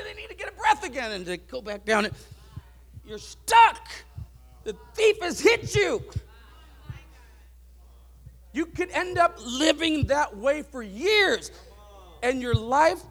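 A preacher man with a strikingly high voice and a gravelly edge. His pitch moves in lively leaps as he shifts from hushed, reflective talk to loud, driving calls to the congregation. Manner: swings from soft musing to loud preaching peaks. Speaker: pastor. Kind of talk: sermon.

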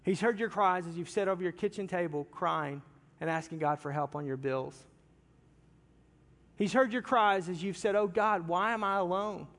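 A man preaching a sermon in a church, impassioned, moving from loud cries down to hushed, quiet passages. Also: high voice, moderate pace. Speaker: pastor. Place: large church sanctuary. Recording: long reverb of a big hall.

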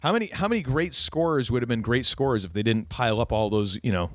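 A man talks through a casual podcast with a lively, swooping delivery, leaning into jokes and rambling side stories. His voice sits in a middle range and sounds close and dry, with no room around it. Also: mid-range voice, fast talker, no echo. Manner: animated, joking, rambling with asides. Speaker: podcast co-host.

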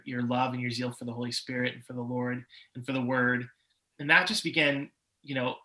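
A man's voice: mid-range voice, sharp tone, low-quality recording. A man in his forties, a podcast guest, telling his personal story with candor and swings of emotion. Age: 40s. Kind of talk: personal testimony in an interview.

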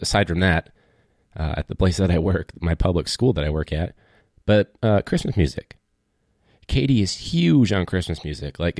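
Low-voiced man rambling through a story. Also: darkish tone, no echo, clean studio sound. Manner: rambling storyteller, lots of fillers and asides. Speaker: public school teacher. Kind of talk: casual monologue.

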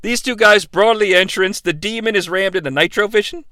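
A man with a high, bright, smooth voice hosts a casual comedy recap. He is sarcastic and swears freely, tossing out jokey asides. The sound is dry and close. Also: a little fast, no echo. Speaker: podcast host recapping a wrestling show.

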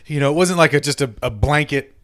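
A man's voice: on the high side, quick pace, fairly bright tone. A man co-hosting a podcast in casual chat, rambling as he retells a story with "he's like" and "I'm like". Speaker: podcast co-host.

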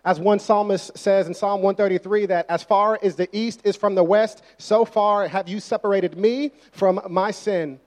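A man's voice: high voice, fairly even intonation, normal speed, hardly any pauses, darkish tone. A young adult man preaching a sermon as pastor, speaking in a conversational and emphatic way.

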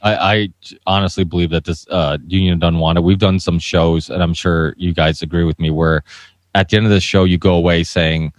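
Man, low voice, heated profane rant, podcast talk, dry close sound. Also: steady tone, a little fast, no room sound. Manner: talks in run-on restarts. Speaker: podcast co-host. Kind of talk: casual podcast discussion.

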